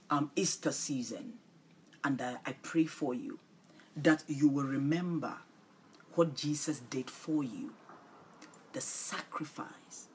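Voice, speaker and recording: A woman preaching and praying on a livestream, pleading and tender, often repeating short phrases and dropping into soft breathy whispers. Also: deep voice, a little hiss or hum. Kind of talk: livestream sermon and prayer.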